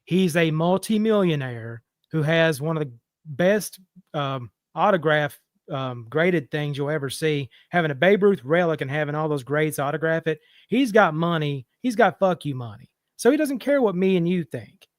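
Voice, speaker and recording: A man's voice: on the high side, expressive, moderate pace, no room sound, studio quality. Heated, profane male caller ranting. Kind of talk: casual call-in rant.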